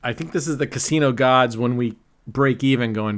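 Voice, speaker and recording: A man's voice: medium pitch, moderate pace, smooth. A middle-aged man giving casual, joking live commentary on his casino session, laughing often and cheering or groaning at each spin. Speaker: casino vlogger.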